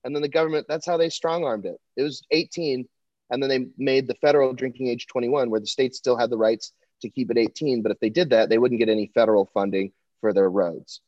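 A young man, a comedian, chatting casually on a podcast, talking with profanity and animated mock-quotes. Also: mid-range voice, fast, dry recording. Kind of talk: casual chat. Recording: dull lo-fi dry sound.

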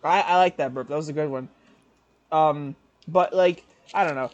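This young man in his twenties has a voice on the high side and a moderate pace, and the recording has its highs cut off. As a co-host on a casual podcast, he tells a rambling story with fillers and self-corrections, often laughing while he talks.

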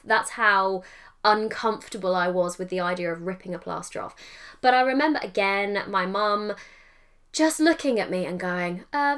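A woman talks through her podcast alone in an easy, chatty way. Her voice sits a little high, and she slips into animated quoted voices while fixing her own words as she goes. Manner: chatty, self-correcting, animated quoted asides. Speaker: podcast host and mindset coach. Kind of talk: solo podcast monologue.

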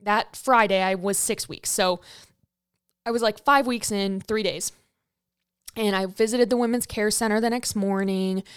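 A young adult woman hosting a podcast, telling a candid personal story in a frank, profane, animated way, acting out the quotes. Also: mid-range voice, unhurried, clear, resonant tone, dry recording, clean studio sound. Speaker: podcast host.

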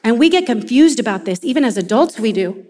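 A woman preaching a sermon, telling stories in an animated way and acting out the quotes. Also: a little high, a little fast. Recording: long reverb of a large hall.

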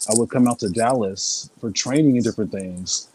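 A man from California, a guest in a casual conversation, telling lively stories and repeating phrases as he goes. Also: on the low side, a little fast, a little hiss or hum, rough recording. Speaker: interview guest.

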